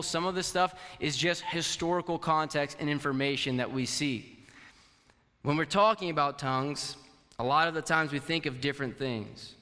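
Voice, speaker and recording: A man's voice: fairly high pitch, pushed and bright. A man whose first language is Portuguese, preaching a conversational sermon to a congregation and asking them questions. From Portuguese-speaking country. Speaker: pastor. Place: church hall. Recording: long hall reverb.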